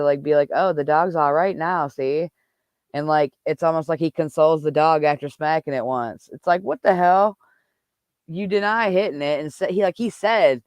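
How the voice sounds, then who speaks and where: A man in casual livestream chat, swearing and venting in an angry, heated rant. His voice sits a little high and comes through smooth and clean. The sound is close and dry, with no room in it. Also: darkish tone, no room sound. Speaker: livestream host.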